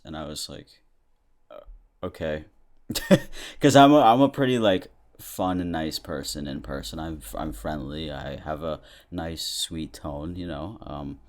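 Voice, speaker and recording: Low-voiced young man, chatty. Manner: chatty, self-deprecating, laughs often. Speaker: podcast host. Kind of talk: casual comedic monologue.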